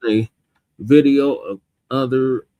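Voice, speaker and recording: A man's voice: medium pitch, takes it slowly, phone-quality sound. A male podcast host, laid-back and matter-of-fact, steering the talk between topics. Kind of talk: casual podcast chat.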